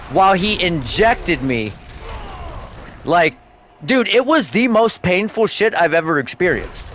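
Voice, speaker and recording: Man, streamer, casual chat, swears a lot, laughs often, very lively pitch. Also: a little hiss or hum. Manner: animated, profane storytelling with bursts of laughter. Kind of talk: casual chat while gaming.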